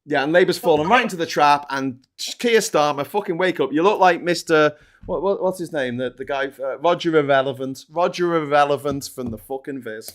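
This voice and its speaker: A man's voice: fairly high pitch, a little fast. Fiery man ranting on air. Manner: passionate, profane, ranting. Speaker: co-host. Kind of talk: live political podcast rant.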